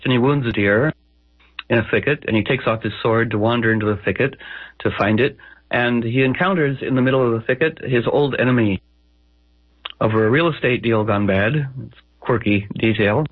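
A man's voice: medium pitch, a little fast, husky, no echo. A man telling a legend on the radio, wry and conversational with digressions. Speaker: radio storyteller. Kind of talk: spoken-word storytelling. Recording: dry, tinny phone-like radio audio.

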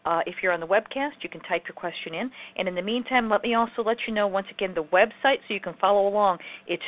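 A woman hosts a call in an upbeat manner, reading out announcements and questions from listeners. Her pitch is middling, and her voice arrives through a thin, phone-like line. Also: quick pace. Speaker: host of a teleseminar.

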